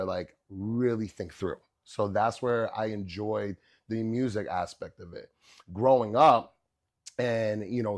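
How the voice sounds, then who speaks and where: Chatty man telling stories, full of fillers. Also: fairly low pitch. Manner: animated, lots of fillers like "you know what I'm saying". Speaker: chef, podcast guest. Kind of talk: casual storytelling.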